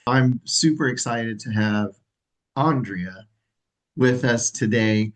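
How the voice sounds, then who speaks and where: A man's voice: mid-range voice, slow pace, rough recording. A man hosting a livestream as association president, talking in an upbeat, rambling way with fillers. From California. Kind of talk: livestream presentation.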